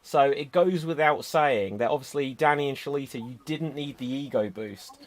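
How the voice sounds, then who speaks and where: A man hosting a live online improv comedy show, giving brisk, upbeat instructions over a video call. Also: medium pitch. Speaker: host.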